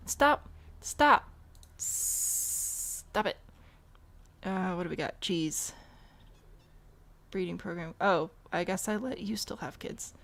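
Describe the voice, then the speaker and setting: Playing a zoo-building game, this female streamer chats casually, thinks aloud and answers the animals back. Her voice is lowish and gravelly, with a measured pace and long pauses.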